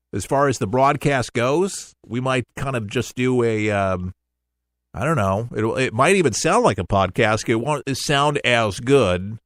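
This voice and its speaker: A man's voice: fairly low pitch, a bit bright, dry recording, clean studio sound. A middle-aged man hosting a radio talk show, chatting in a folksy, rambling way and often breaking off mid-sentence. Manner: folksy, rambling, self-interrupting. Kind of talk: casual talk radio monologue.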